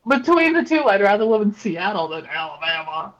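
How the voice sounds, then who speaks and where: A woman's voice: mid-range voice, sing-song, fairly quick, lo-fi sound. A woman chatting with a friend on a voice call, giggly and playful, rambling a little. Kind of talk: casual chat on a voice call.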